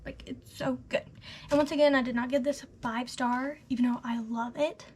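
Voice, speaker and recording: An eighteen-year-old woman giving a casual, gushing book review, chatty and full of "literally" and "like", often trailing off into soft half-whispers. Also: high-pitched, fairly even intonation, moderate pace, a little hiss or hum. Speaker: book vlogger.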